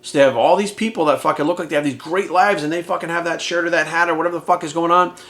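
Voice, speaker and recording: A man's voice: on the high side, steady tone, racing, fairly bright tone. A man in his forties, a fitness coach, talking bluntly and emphatically in a candid motivational monologue full of swearing. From United States. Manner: blunt, heavily profane, emphatic.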